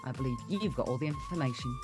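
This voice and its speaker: A British woman co-hosting a weather show, talking in a relaxed, conversational way. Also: rumbling low, quick pace, over music. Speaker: weather presenter. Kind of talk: casual co-host chat.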